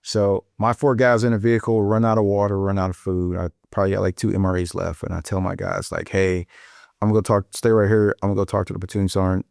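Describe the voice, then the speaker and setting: A man's voice: low voice, level tone, quick pace, gravelly, a little mellow, no echo, studio quality. A middle-aged man from St. Louis, a Marine veteran, telling a war story bluntly, with plenty of profanity. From St. Louis, USA. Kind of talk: storytelling in an interview.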